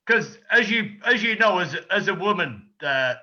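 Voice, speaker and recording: A man walks a friend through a recipe on a live stream, joking and teasing between steps. His voice is very bright and fairly high. The audio comes through a dull, lo-fi video call. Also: animated, moderate pace. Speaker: cooking guide on a live stream. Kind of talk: casual live-stream chat.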